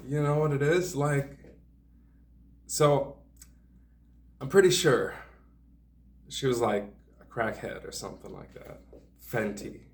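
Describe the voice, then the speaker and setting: A man's voice: medium pitch, a bit bright, recorded from a distance, slight background noise. A man telling a meandering personal story in a sardonic tone, full of hedging asides. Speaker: vlogger.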